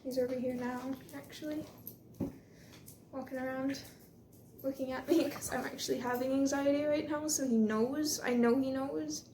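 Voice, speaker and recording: A chatty young woman with a slightly high voice explains her dog training in a relaxed, reassuring way. She speaks from an echoey room at home with a faint hiss behind her. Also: normal speed. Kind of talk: casual vlog narration.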